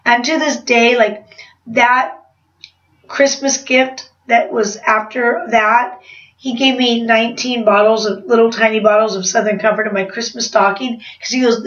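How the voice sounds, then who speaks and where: A woman's voice: fairly high pitch, steady tone, unhurried, fairly bright tone. A woman vlogger telling a rambling confessional story in a chatty way, laughing at herself. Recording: roomy, distant, slightly dull sound.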